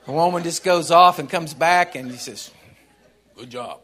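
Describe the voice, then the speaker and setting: An older man preaching a sermon, joking and swinging from soft asides to shouts. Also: on the high side, moderate pace, slight background noise. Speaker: pastor.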